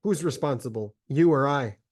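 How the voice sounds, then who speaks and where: A man's voice: medium pitch, normal speed, darkish tone, lightly acted. A man reading as a starving, grief-mad mother. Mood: bitter accusing. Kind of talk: dramatic reading of a religious text.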